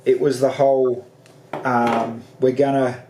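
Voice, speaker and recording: An Australian man hosting a livestream show, telling rambling stories in a casual, animated way with lots of fillers. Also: mid-range voice, takes it slowly, echoey room, a little hiss or hum. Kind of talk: casual chat.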